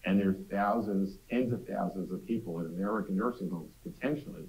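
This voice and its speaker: Man, low voice, university lecture, chatty asides to students, echoey lecture hall. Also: brisk, darkish tone. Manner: conversational, addresses students directly with quips.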